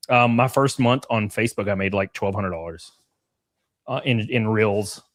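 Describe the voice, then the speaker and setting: A man's voice: lowish voice, moderate pace, no echo, studio quality. A man in his thirties hosting a livestream in casual chat, reading out viewer messages. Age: 30s. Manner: casual, swears, reads super chats aloud. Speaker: livestream host.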